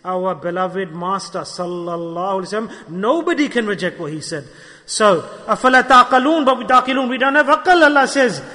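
Fervent high-voiced preacher. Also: male voice, racing, pushed and bright, in a large hall. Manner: impassioned, acts out excuses in mocking voices. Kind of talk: sermon.

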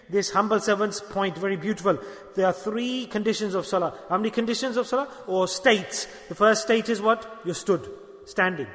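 High-voiced, bright preacher in a hall. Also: male voice. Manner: emphatic, repeats lines and asks the audience questions. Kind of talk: sermon. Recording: long hall reverb.

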